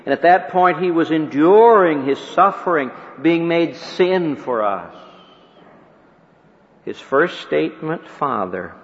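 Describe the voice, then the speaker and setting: A male preacher delivering a sermon, swinging between ringing emphasis and hushed, near-whispered words, with slow, deliberate rhetorical questions. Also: a little high, expressive. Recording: dull lo-fi recording with long hall reverb.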